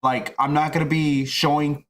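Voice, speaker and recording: A man's voice: fairly high pitch, little pitch movement, moderate pace, fairly bright tone. A middle-aged man streaming, ranting casually and profanely about job rejections. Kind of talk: casual rant while streaming.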